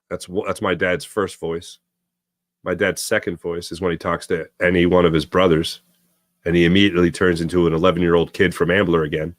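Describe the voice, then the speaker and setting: A man's voice: deep voice, fairly even intonation, brisk, no echo, clean studio sound. A young man hosting a live sports talk stream, rambling and reading viewers' comments aloud. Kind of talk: casual live-stream chat.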